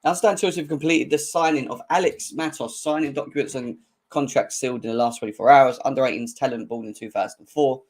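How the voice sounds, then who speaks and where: A young man hosting a live football fan stream, bantering and mocking rival fans in slangy, excitable talk. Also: fast talker. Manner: mocking banter, slangy, laughs often, mimics rival fans in squeaky voices. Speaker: football channel host.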